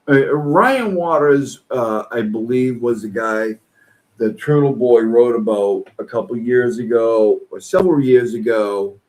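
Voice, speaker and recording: A man's voice: medium pitch, measured pace, darkish tone. A man reading posts aloud and commenting on them in a profane, exasperated rant.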